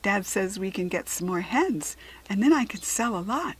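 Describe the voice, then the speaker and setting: A woman's voice: mid-range voice, lively intonation, moderate pace, husky. Harriet, a woman doing an eager farm girl. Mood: earnest.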